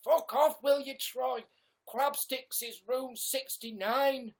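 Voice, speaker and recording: A man's voice: very high voice, steady tone, takes it slowly, pitched above the performer's own voice. A man doing an impression of a sleepy, irritated young woman turning someone away from her door. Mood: annoyed. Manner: snappy, irritated.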